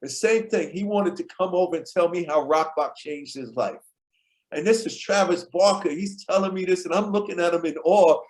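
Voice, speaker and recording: New guy telling stories on a podcast, high-ish voice, does all the voices. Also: normal speed. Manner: tells anecdotes, acts out quoted people in lively voices. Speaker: podcast guest, rapper. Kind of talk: animated storytelling in conversation.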